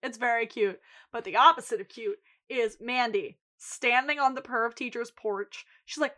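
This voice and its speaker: A woman's voice: on the high side, normal speed. A woman co-hosting a podcast, recapping an episode in casual chat and acting out the quotes. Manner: animated storytelling, acts out quotes. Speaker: podcast co-host.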